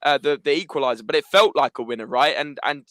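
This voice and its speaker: A man's voice: a little high, fast, a bit bright, dry recording. A man chatting casually as a guest on a livestream, enthusiastic and rambling. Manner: enthusiastic, talks in loose asides. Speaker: guest pundit.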